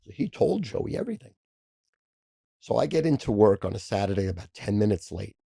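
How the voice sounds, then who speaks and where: A gravelly, husky man in his sixties spins rapid-fire, profanity-packed stories as a podcast guest. his voice is low and dark, and it sounds dry and close to the mic. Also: sing-song, no echo. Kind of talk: casual storytelling.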